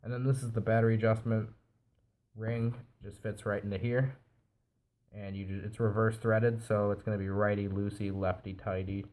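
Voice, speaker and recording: Low flat-voiced man with a stuffy nose. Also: moderate pace, low-quality recording. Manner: relaxed, explains while assembling. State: nasal from a cold. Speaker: product reviewer. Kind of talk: casual hands-on review.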